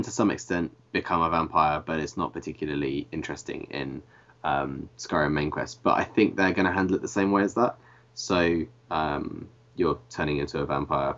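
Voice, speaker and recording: A man with a very deep voice speculates on a casual podcast, pausing often on fillers. He sounds tentative rather than certain. The audio is dull and lo-fi. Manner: hesitant, speculative, filler-heavy. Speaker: podcast co-host. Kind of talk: casual chat about games.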